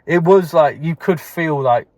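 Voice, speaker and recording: A man's voice: a little high, measured pace, darkish tone, no room sound. A young man co-hosting a casual podcast from a car, laughing often and talking in eager bursts. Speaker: podcast co-host. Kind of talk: casual chat. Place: inside a parked car.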